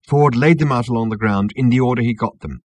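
A man narrating a comic novel as an audiobook, with a wry, expressive delivery. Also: mid-range voice, fast talker, slightly rough, no echo.

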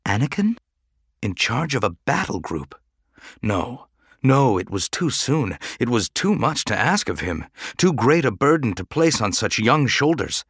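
A man giving measured, dramatic audiobook narration. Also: mid-range voice, big pitch swings, a bit bright, slightly rough, dry recording, clean studio sound.

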